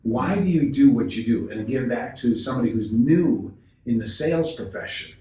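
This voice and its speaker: A man who is a guest on a podcast, telling a sales story with animated delivery, acting out the dialogue and often restarting his sentences. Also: medium pitch, normal speed. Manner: acts out dialogue, frequent restarts. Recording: echoey room, distant mic, faint noise.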